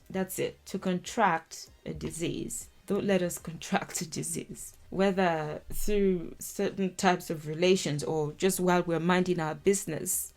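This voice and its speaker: Lively woman teaching a language lesson. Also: fairly low pitch. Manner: laughs often, lively and informal, sings the song lines. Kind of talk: explaining song lyrics word by word.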